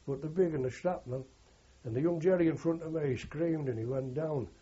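Brief: older man, war veteran interviewee, husky dark voice, anecdotal rambling, old lo-fi recording. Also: a little high, a little fast. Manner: rambling anecdotal, frequent "you know" and "like". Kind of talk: oral history recollection.

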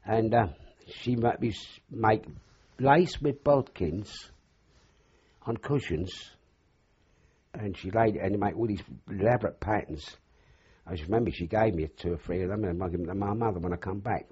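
An older man speaking a little fast in a mellow, lowish voice with a breathy edge reminisces for an oral history interview. He rambles through anecdotes and acts out dialogue along the way, captured on a dull lo-fi recording.

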